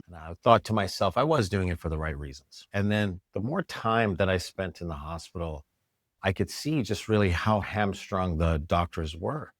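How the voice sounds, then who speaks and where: A middle-aged man with a low, deep voice, chatting as a podcast guest. He tells his story in an animated way and slips into the voices of people he quotes. The recording is close and dry, with no room around it. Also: normal speed, no echo. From New York. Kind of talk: casual interview storytelling.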